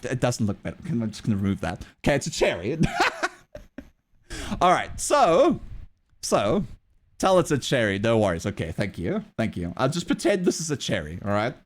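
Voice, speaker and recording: Guy on a live stream rambling through a story, lots of restarts, animated swinging voice. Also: on the low side, moderate pace, slight background noise. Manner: rambling storytelling with many restarts, swears, laughs. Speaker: livestreamer. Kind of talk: casual chat while drawing on a livestream.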